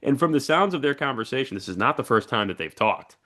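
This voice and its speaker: A man co-hosting a podcast in casual chat, animated as he retells scenes. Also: medium pitch, quick pace. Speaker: podcast co-host.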